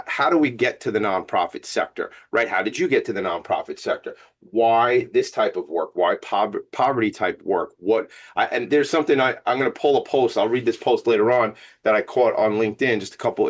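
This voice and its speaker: Energetic Long Island host, rambling. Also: male voice, on the low side. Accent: Long Island New York. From Long Island, New York. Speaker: podcast host. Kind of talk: casual interview chat.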